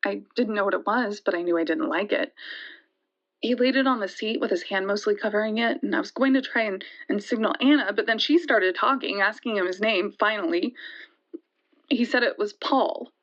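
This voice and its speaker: A young woman acting in an audio drama, playing a caller who retells a deadly night in a halting way and stumbles over repeated words. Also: mid-range voice, fairly bright tone. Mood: tense. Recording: dull lo-fi sound.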